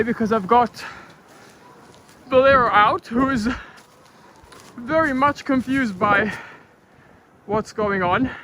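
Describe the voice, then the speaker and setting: A man chatting excitedly to his camera outdoors on his rural property, full of exclamations. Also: high voice, a little hiss or hum. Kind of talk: casual vlog chat to camera. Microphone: handheld camera.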